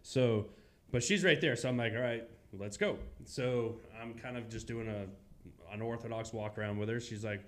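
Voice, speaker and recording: A man's voice: mid-range voice, normal speed. A man co-hosting a podcast, telling a long work story in casual chat, with many restarts. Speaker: podcast co-host; car salesman.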